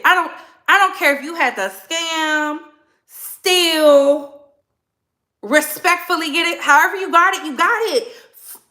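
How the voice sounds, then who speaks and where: Speaking at an extremely high pitch, a woman hosting her own commentary channel goes a little slow, leaving long pauses, and her tone is bright and forceful. The heated monologue is blunt and emphatic, with phrases repeated for effect.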